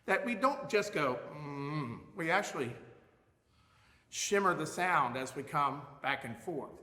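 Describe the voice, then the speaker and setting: A man teaching a music lesson, explaining expressively and showing loudness with his own voice. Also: a little high, lively intonation, a little slow, reverberant, long reverb tail.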